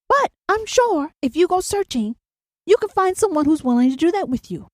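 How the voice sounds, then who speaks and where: A woman's voice: very high-pitched, sing-song, normal speed, darkish tone, no room sound, clean studio sound. A woman hosting a solo podcast, talking bluntly and profanely and pressing her points with repeated rhetorical questions. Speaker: podcast host.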